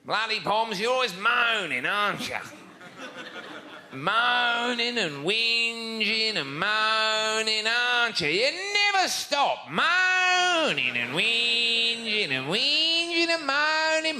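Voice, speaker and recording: A man's voice: very high voice, very animated, pitched above the performer's own voice, heavily acted. A man voicing a ranting Australian man who keeps repeating the same complaints, with a live audience heard in the recording. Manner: shouting, drawn-out repetitive ranting. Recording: live show with audience noise.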